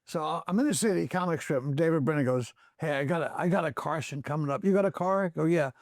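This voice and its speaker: Lively, high-voiced storytelling man. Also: quick pace, no echo, studio quality. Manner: animated storyteller acting out other people's lines. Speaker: comedy club owner and guest. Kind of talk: anecdotal storytelling on a podcast.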